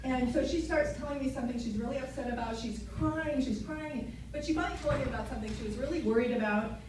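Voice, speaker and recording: A woman's voice: a little high, very fast. A middle-aged woman, the mother of the bride, telling a story in a chatty way and laughing through her speech at a wedding reception. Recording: echoey hall from far off, crowd noise.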